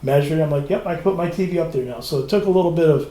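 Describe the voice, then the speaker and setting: A man's voice: on the high side, rapid-fire, echoey room. A man in casual podcast chat, telling a story and acting out the people in it. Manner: storytelling, animated quoting of others. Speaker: podcast co-host.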